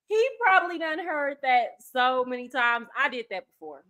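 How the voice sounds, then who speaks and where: A woman's voice: high voice, expressive, a little slow, pushed and bright. A woman from Texas, hosting and commenting casually and bluntly on a clip, with asides to viewers. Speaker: host.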